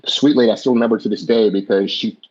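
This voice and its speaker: A middle-aged man with a husky, fairly low voice tells his life story in a candid, meandering way. He often restarts his sentences and leans on "you know". The audio sounds muffled and lo-fi. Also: fairly even intonation, fast, darkish tone. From born in the US, raised in Jamaica. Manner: reflective, rambling with many restarts and fillers. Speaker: podcast guest. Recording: dull lo-fi audio.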